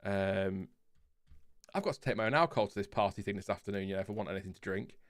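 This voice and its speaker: A man with a Lincolnshire accent hosts a casual livestream, reading out viewer comments in a calm, fairly flat voice, rambling and laughing often. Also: sits low, fast, dry recording, studio quality. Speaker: livestream host.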